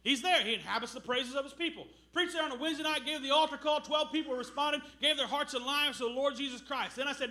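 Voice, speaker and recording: A middle-aged man preaching a sermon as a missionary, telling stories with loud bursts. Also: extremely high pitch, quick pace, hardly any pauses. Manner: animated storytelling with loud bursts.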